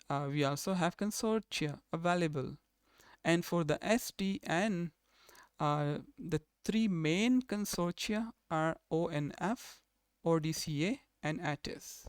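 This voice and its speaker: Man lecturing with a crisp, dry voice. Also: a little high, no echo. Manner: explanatory, restates terms and rephrases often. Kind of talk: recorded university lecture.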